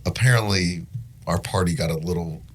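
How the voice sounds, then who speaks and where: A man's voice: deep voice, a little fast. A man, a lawyer guest on a podcast, telling stories in an easygoing way and laughing through them. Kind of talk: casual storytelling.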